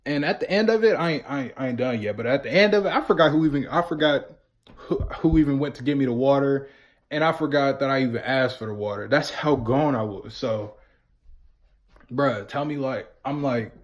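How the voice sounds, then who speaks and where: A young man vlogging, telling a story in a casual, slangy way and acting out the voices of friends. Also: mid-range voice. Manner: animated, slangy retelling with quoted voices.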